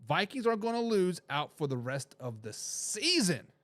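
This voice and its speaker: Man, sports talk host, casual live chat, lively swooping pitch, dry close sound, jokey. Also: normal speed, no room sound. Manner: animated, jokey, reads viewer comments aloud and laughs often.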